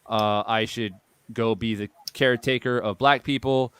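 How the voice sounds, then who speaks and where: A man's voice: mid-range voice, fairly even intonation, normal speed, fairly bright tone, smooth, dry recording. A man hosting a boxing channel, delivering a heated opinion monologue and repeating phrases for emphasis.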